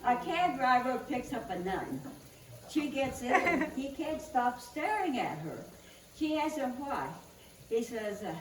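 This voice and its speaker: A woman's voice: high voice, big pitch swings, unhurried. A woman speaking at a church service, telling jokes to the congregation and laughing at her own punchlines. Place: church hall. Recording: echoey room, distant mic, faint hiss.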